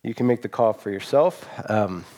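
A man preaching a sermon as pastor, in an earnest and emotional way, often restarting his words and letting his phrase endings trail off softly. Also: lowish voice, normal speed.

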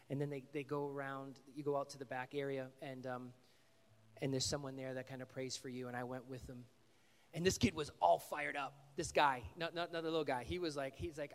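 A man's voice: medium pitch, flat delivery, moderate pace, long reverb tail. A male pastor giving an earnest, conversational sermon with an altar call, telling stories and praying in a church sanctuary.

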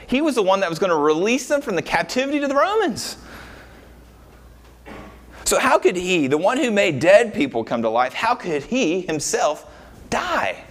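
Male pastor mid-sermon, lively up-and-down delivery, casual asides and rhetorical questions. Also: high voice. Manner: animated, rhetorical questions, frequent uh fillers.

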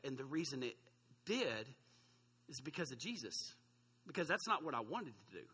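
A male pastor in his forties preaches a sermon, chatty and self-deprecating, tossing asides to the congregation. His voice sits high and bright with a husky edge, carried on a long reverberant hall sound. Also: animated, brisk.

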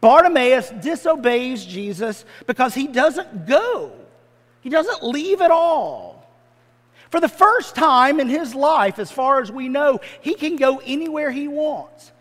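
Pastor guy giving a sermon, chatty and jokey, pretty high voice, long church reverb. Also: big pitch swings, slow pace, fairly bright tone. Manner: conversational, humorous storytelling with modern comparisons.

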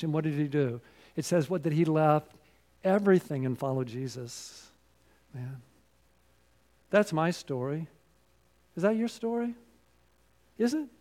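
High-voiced man preaching a lively sermon. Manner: animated, rhetorical questions, swings from loud to hushed.

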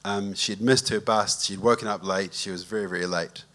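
A man, a pastor giving a conversational sermon that tells a relaxed story and asks the congregation for a show of hands. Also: on the low side, fairly quick.

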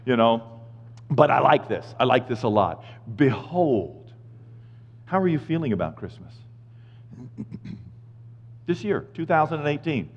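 A man in his fifties preaching a sermon in a casual, jokey way, swinging from hushed asides to shouted lines. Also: mid-range voice, very animated, a little slow, long pauses. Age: 50s. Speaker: pastor. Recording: muffled sound with long hall reverb.

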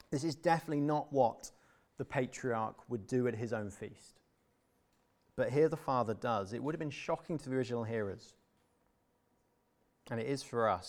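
A young adult man preaching a sermon in an earnest, emphatic way, sometimes dropping to a soft, tender tone. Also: medium pitch.

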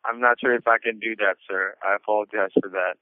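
A man's voice: lowish voice, fairly even intonation, fast talker, smooth, no room sound. A man working as a customer service agent, polite and formal, apologizing and saying sir often, heard over a phone line.

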